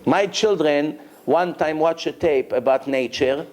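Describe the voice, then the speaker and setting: A man's voice: fairly high pitch, a little slow. Emphatic man giving a Torah talk. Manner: emphatic storyteller, rises to loud acted shouts. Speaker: rabbi answering questions. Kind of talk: Torah lecture with audience questions.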